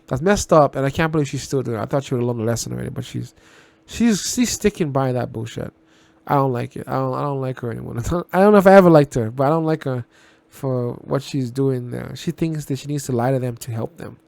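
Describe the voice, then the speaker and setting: A man rambles through his thoughts on a TV episode in a casual, offhand way, often restarting and repeating himself and swearing bluntly. His voice is gravelly, and it sits dry and close to the mic. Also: mid-range voice, a little fast, a little mellow, no echo. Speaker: reaction video host. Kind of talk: casual spoken TV reaction.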